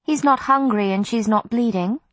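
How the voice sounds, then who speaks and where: A blunt vampire woman speaks in a high, bell-like soprano, put on by a woman reading a storybook. The lines come out cool and clinical, set in a dry, close recording. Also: normal speed, a bit bright, dry recording. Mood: matter-of-fact.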